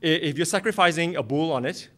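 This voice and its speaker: A man with a notably high voice delivers a sermon as a pastor. He preaches with impassioned fervor and drives his points home with strings of rhetorical questions. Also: fast, pushed and bright.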